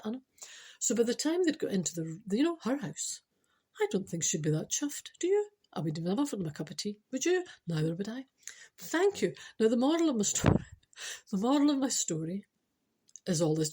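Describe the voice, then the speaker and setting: A Scottish woman hosting a podcast, telling a comic story with spiritual advice in a chatty, animated way full of teasing asides. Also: on the high side, brisk, slightly rough.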